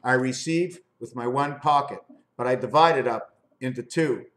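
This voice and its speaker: A man in a rambling monologue, riffing on words and spelling out letters in an animated, sing-song way. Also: mid-range voice, normal speed. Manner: free-associating wordplay, spelling out letters.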